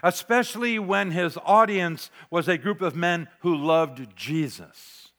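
Middle aged guy preaching, kinda high voice, drops real quiet then punches it up. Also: slow pace. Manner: dramatic, varies loudness, drops to near whisper for emphasis. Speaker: pastor. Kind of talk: sermon.

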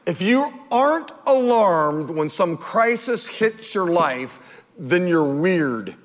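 Animated high-voiced man preaching in a hall. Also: slow pace. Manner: animated, emphatic, full of rhetorical questions. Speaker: pastor. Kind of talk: sermon.

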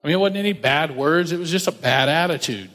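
A man preaching a casual sermon, telling the story with animated asides and acted-out voices. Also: on the high side, fast. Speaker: pastor. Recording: long hall reverb.

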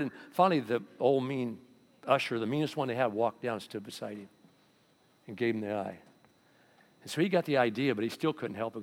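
This pastor speaks in a mid-range voice, fairly quickly, with long pauses. Animated and storytelling as he preaches, he performs the voices of the people in his tales.

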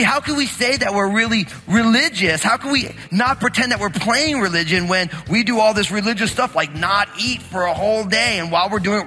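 Animated New pastor preaching in a hall. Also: male voice, sits high. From New Jersey. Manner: animated, storytelling, shifts between quiet scripture reading and emphatic teaching. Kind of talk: sermon.

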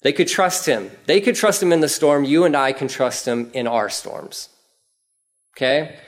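A man preaching a casual, conversational sermon, telling the story vividly and acting out prayers in a raised voice. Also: moderate pace. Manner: animated storytelling, acts out prayers in a raised pitch. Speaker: pastor.

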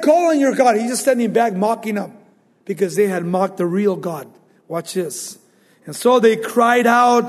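A man preaching a Bible sermon as an animated storyteller who acts out the quotes. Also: high voice, long reverb tail. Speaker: pastor.

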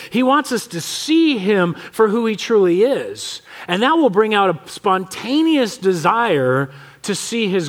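A man with an American accent preaching a conversational, animated sermon as pastor of a church, often acting out the voices he quotes. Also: sits high. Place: church sanctuary.

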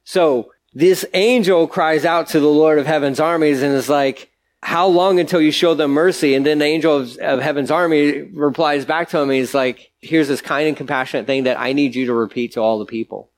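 A man's voice: on the high side, fairly even intonation, moderate pace. A male pastor giving a conversational sermon, explaining scripture in a casual, chatty way with everyday asides.

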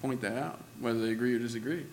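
A pastor preaches a sermon in a church, his mid-range voice racing along over slight background noise. He talks conversationally and laughs often, leaning heavily on "you know" and "right?"

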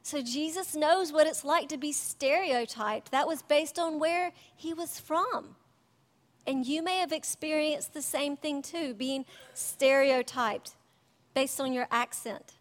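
A woman teaching a sermon, chatty and animated, laughing often between points. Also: sits high, slow. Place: church hall. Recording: long church reverb.

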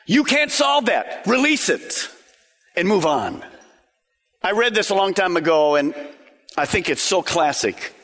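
A man preaching a sermon with a bright, higher voice that swings widely in pitch. He drives his points home with rhetorical questions and rapid lists, and his voice carries a long reverb from a large hall. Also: big pitch swings. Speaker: pastor.

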